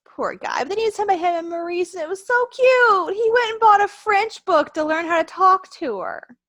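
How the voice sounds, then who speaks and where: A woman co-hosting a podcast in casual chat, telling stories in an animated, gushing way. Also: very high voice, a little fast. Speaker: podcast co-host. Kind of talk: casual chat about wrestling.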